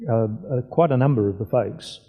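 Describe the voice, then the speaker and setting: A man interviewing an author on stage at a book festival, speaking haltingly with many fillers. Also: mid-range voice, expressive. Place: festival venue hall. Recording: dull reverberant hall sound.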